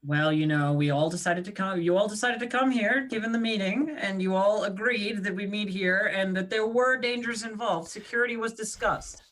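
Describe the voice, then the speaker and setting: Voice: mid-range voice, moderate pace, few pauses, fairly bright tone. A player in a tabletop game, joking and playfully self-mocking.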